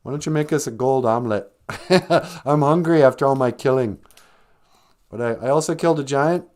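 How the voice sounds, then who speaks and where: A man's voice: medium pitch, moderate pace, darkish tone, pitched above the performer's own voice, natural voice. A man playing Jack as a brash, greedy young man who talks in casual slang. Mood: boastful.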